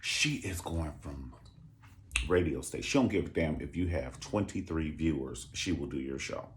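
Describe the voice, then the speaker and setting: A man hosting a casual comedic talk show, sassy and animated, breaking into high mocking impressions. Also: moderate pace, slight background noise. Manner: sassy, animated, calls listeners honey and baby. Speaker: host.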